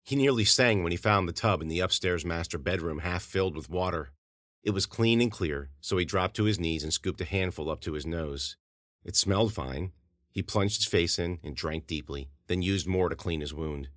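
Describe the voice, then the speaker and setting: A man narrating his own horror story in a measured, steady way as a podcast host. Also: sits low, no room sound, studio quality.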